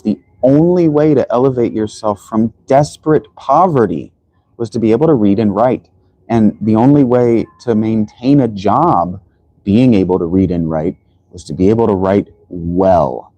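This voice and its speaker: Livestream host, male, low voice, dry close sound, rambles and restarts as he lectures. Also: moderate pace, mellow, dry recording, poor audio. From United States. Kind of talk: casual livestream monologue.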